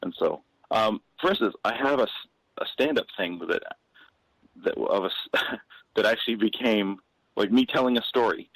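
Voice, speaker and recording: A comedian guest, a man, spins a casual anecdote in a low voice. He circles back, restarts phrases and fills pauses as he goes. The sound is dry, with no room echo. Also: fairly bright tone. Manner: rambling with frequent restarts and fillers.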